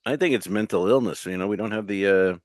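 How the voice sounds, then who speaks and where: A man's voice: lowish voice, fast talker, dry recording. A male comedian co-hosting a podcast, telling rambling stories in casual chat and swearing freely.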